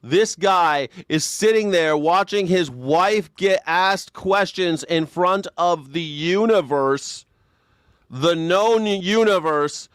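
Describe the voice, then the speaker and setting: A man's voice: high voice, slow, a bit bright, smooth, dry recording, clean studio sound. A man hosting a live news reaction show, talking in a crude, sarcastic and mocking way. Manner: sarcastic, crude and mocking, slips into exaggerated mimicking voices.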